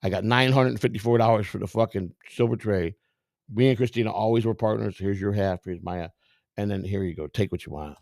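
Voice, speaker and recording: A man's voice: lowish voice, fairly quick, vocal fry, a little mellow, no room sound, clean studio sound. A middle-aged man hosting a vlog, giving casual, rambling, profane commentary in a streetwise way. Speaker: vlog host browsing storage auctions.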